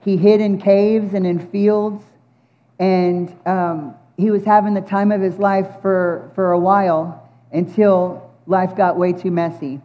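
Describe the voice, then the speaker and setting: A middle-aged woman speaking at a church service, giving an earnest, heartfelt sermon and reciting scripture, with many pauses and fillers. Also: medium pitch, steady tone. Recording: muffled recording with faint band music.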